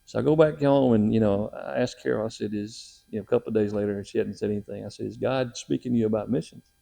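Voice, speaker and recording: A middle-aged man casually telling his testimony as a missionary, animated and acting out the quotes in his story. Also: fast, vocal fry. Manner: animated, acts out quotes with raised pitch.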